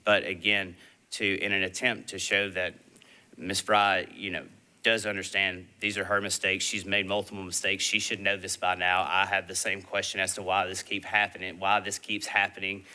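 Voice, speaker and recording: A man speaking as an attorney at a public hearing, measured and formal, with frequent fillers. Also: low-pitched, little pitch movement, pushed and bright, clear, resonant tone. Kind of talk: formal legal argument. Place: public meeting room.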